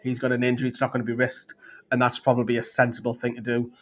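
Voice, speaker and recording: A man's voice: medium pitch, completely flat delivery, fast talker, a bit bright. A man hosting a football fan live stream, chatting loosely and reading out viewer comments with lots of fillers and restarts. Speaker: fan channel host.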